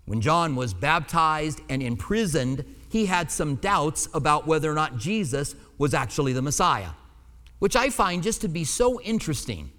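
Pastor in a reverberant church hall. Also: male voice, a little high, sing-song, moderate pace, sharp tone. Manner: conversational, with fillers and self-corrections. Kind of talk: sermon. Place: church sanctuary.

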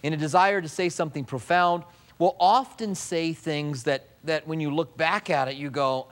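Conversational preaching pastor, fairly high voice. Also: male voice, moderate pace, a bit bright. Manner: conversational preaching with mimicked asides and restarts. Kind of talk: sermon.

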